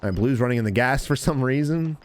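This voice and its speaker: A man coaching viewers over game footage, deliberately dramatic and emphatic, talking straight to his audience. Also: medium pitch. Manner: addresses viewers and chat directly. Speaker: gaming coach commentator. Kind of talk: gameplay commentary and tips.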